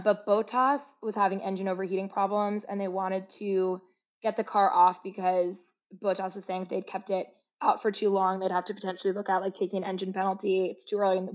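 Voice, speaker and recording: Woman, young adult, podcast co-host, chatty, laughs often, mid pitch, slightly dull audio. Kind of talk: casual sports chat.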